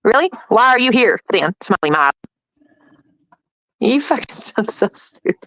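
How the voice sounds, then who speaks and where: Taunting woman with a lively voice. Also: a little high, normal speed, dry recording, low-quality recording. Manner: taunting, mocking, laughs often. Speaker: livestream host. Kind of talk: casual livestream chat.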